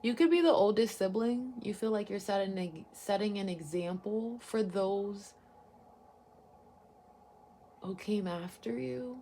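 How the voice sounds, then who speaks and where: Woman, tarot reader, meandering, informal, mid-pitched voice, casual swearing. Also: normal speed, warm tone, slight background noise. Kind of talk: intuitive pick-a-card reading.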